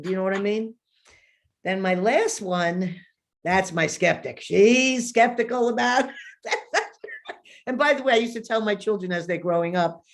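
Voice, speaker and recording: A woman in her fifties, a guest in an interview, telling a long personal story in an animated way and acting out the voices she quotes. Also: fairly low pitch.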